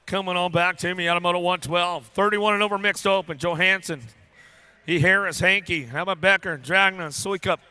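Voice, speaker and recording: A man with a high, very bright voice calls races live from a BMX track. His delivery is smooth and clear, rapid-fire and playful, and he jokes with the riders and crew between names. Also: fairly even intonation. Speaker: race announcer. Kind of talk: live race commentary.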